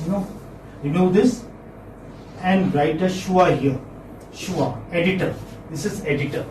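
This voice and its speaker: A man teaching English phonetics in a classroom lecture, saying words again and again and quizzing his students. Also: high voice. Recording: echoey classroom, distant mic, faint noise.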